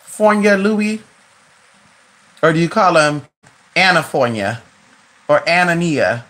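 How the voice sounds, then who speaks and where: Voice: mid-range voice, slow pace, a bit bright. A host chatting casually at home with viewers, calling everyone "honey" and talking to their dog between remarks. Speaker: live-stream host.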